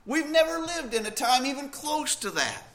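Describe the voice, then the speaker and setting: A man's voice: very high-pitched, expressive, normal speed, a bit bright. A man preaching a sermon in a conversational, storytelling way, asking the listeners questions and restarting phrases as he goes.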